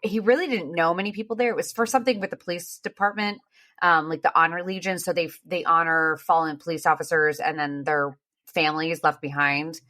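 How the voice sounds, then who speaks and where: Woman, 30s, podcast co-host; casual, laughing chatter, lowish bright voice. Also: fairly even intonation, a little fast. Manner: chatty, laughing, trailing off with fillers. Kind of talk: casual chat.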